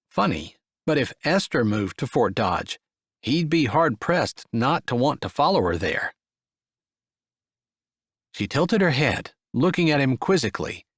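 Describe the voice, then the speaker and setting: A man with a medium-pitched voice narrates a sweet romance audiobook from a script in a measured storytelling style. The recording is dry and the studio sound clean.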